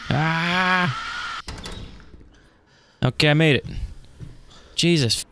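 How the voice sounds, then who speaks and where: A man's voice: medium pitch, lively intonation, a little slow, gravelly, pauses often, background noise. A man giving jumpy, profane commentary while playing a horror game, talking to himself as he goes. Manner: jumpy, swearing, talks to himself. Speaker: gaming YouTuber.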